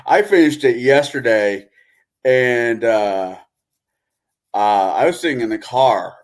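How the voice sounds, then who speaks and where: A man's voice: medium pitch, lively intonation, takes it slowly. A man co-hosting a casual chat, telling stories and laughing as he talks.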